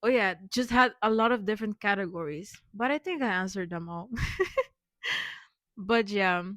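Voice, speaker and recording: A young woman vlogging casually, rambling with many fillers and restarts, speaking warmly affirming words to her viewers. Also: mid-range voice, moderate pace, no echo, clean studio sound. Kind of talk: rambling personal vlog.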